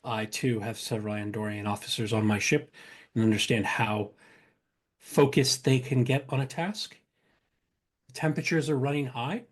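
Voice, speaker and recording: A man's voice: medium pitch, moderate pace. A man playing in a tabletop game, speaking in character in a polite, firm way with dry humor. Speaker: player.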